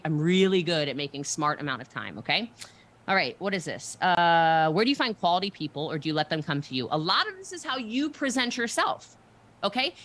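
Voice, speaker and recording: A woman with a lowish voice gives motivational recruiting tips on a livestream. She talks briskly and emphatically and keeps checking in with her listeners. Her delivery is assertive and salesy. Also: a bit bright. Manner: brisk, emphatic, often asks okay?. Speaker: network marketing mentor on a livestream.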